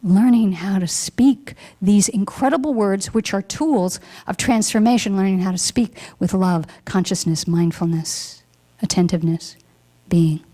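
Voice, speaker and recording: A woman's voice: medium pitch, a little slow, dark tone. Woman minister giving a heartfelt sermon. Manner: heartfelt, reflective, emotional at times. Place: church hall.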